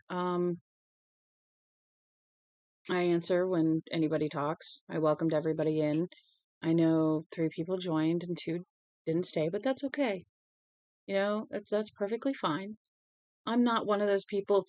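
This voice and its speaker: A woman with a fairly low voice hosts a read-aloud livestream and winds down afterwards with casual chat. She sounds tired and yawns as she talks. She rambles in a friendly way with lots of ums, recorded close and dry. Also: moderate pace, no room sound. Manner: rambling, many filler ums and restarts; friendly, chatty with viewers. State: tired, yawning.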